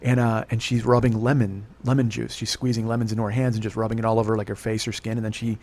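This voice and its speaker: A middle-aged man hosting a podcast, ranting in a loud, heavily profane comedic style and laughing at his own jokes. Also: on the low side, level tone, quick pace. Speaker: podcast host.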